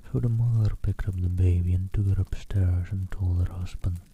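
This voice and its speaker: A man reading a storybook aloud in a soft, half-whispered ASMR style. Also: deep voice, steady tone, normal speed, phone-quality sound, slight background noise. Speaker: storyteller and streamer.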